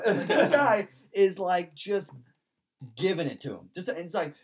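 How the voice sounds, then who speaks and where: A man's voice: a little high, sing-song, moderate pace, husky. A young man telling a story in a casual chat, rambling with many fillers and acting out what people said. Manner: rambling, lots of "like", quotes people in voices. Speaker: podcast host.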